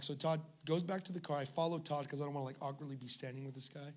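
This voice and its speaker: A man's voice: on the high side, little pitch movement, fast talker. A male pastor preaching a sermon, telling humorous stories and joking with the congregation. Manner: humorous storytelling, jokes with the congregation. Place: church service in a school venue.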